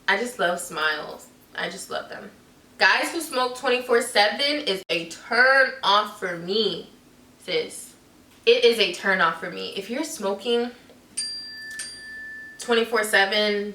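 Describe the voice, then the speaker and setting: A loud, goofy young woman talking through a casual vlog with a bright, forceful tone. She sits back from the mic in an echoey room. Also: mid-range voice, recorded from a distance. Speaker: vlogger.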